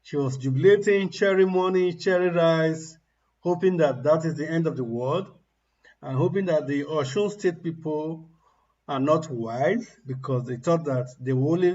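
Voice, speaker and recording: A man's voice: a little high, normal speed, a little mellow, lo-fi sound. A man giving mocking, ranting political commentary on a livestream, laughing at the people he criticizes.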